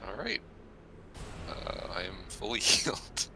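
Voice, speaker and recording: Slow, hesitant male player. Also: lowish voice, huge pitch swings, bright, forceful tone, faint music behind. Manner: hesitant, many fillers, laughing. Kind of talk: casual tabletop play.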